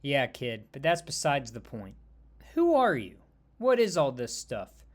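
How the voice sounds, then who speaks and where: A man voicing a shrill, excited teenage superfan girl who gushes breathlessly. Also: a little slow. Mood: curious. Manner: squealing, breathless fan gushing.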